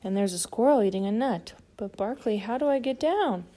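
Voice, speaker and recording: A woman's voice: on the high side, expressive, fairly quick, mellow. A woman voicing a cheerful, childlike giant bird in a storybook read-aloud, eager and wondering. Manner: eager, wondering, sometimes plaintive.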